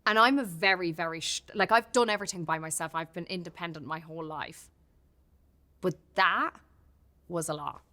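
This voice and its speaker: Bright-voiced Irish woman, candid guest. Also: fairly low pitch, moderate pace. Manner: open and heartfelt, many restarts. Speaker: podcast guest. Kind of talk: candid casual chat.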